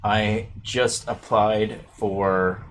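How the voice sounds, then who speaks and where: A man who does comedy and acting, chatting as a guest in a casual interview with deadpan jokes. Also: on the low side, very slow, a little hiss or hum. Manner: deadpan joking, playful asides. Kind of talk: casual comic interview chat.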